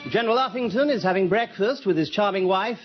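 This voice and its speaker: A man's voice: high-pitched, quick pace, lightly acted. A man voicing a pompous history documentary narrator in a comedy sketch, with grand, portentous delivery. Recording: muffled broadcast recording with music.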